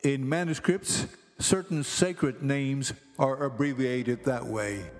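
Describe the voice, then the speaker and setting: A man teaching Greek grammar in slow, careful scripted narration, pronouncing each word deliberately. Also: medium pitch. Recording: long hall reverb with faint music.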